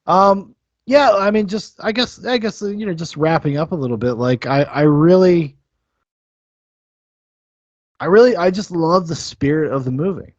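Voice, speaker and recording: A man's voice: fairly high pitch, expressive, measured pace, long pauses, no room sound, muffled recording. Rambling, profane male podcast host. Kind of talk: casual film-review chat.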